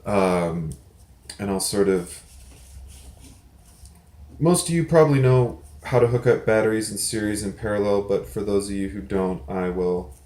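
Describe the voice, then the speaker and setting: A man's voice: fairly low pitch, a little slow, pauses often, darkish tone, echoey room. A man hosting a casual video reply, explaining things in a rambling, self-correcting way with offhand swearing. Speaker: prepper channel host. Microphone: desk mic with some feedback.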